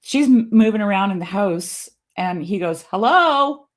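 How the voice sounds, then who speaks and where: A middle-aged woman, appearing as a guest, tells stories casually and animatedly at a moderate pace. She laughs often and acts out what other people said, varying her pitch for the quotes.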